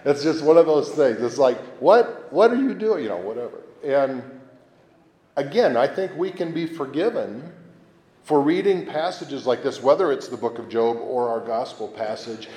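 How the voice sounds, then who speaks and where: Conversational priest in an echoey church. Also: male voice, mid-range voice, moderate pace. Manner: conversational, animated, acts out quoted voices. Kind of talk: homily.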